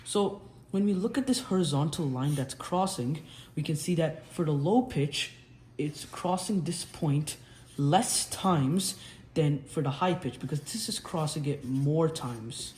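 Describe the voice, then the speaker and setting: In a fairly high, expressive voice with a darkish tone, a young man explains physics at a measured pace, sketching on a whiteboard. He's a casual tutor who keeps restarting and self-correcting. Faint background noise and a roomy sound fill the clip.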